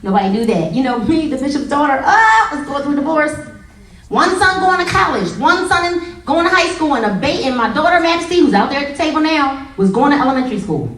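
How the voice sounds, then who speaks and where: A woman giving a humorous, animated motivational talk to a live audience, telling stories with acted quotes. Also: sits high, quick pace. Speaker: motivational speaker. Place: meeting room with an audience. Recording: echoey room, voice from a distance, faint crowd.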